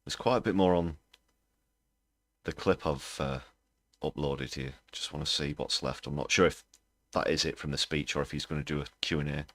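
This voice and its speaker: A man's voice: very deep voice, steady tone, moderate pace, a bit bright, no room sound. A British man hosting a political livestream, talking bluntly and scornfully, with fillers as he thinks aloud. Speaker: host.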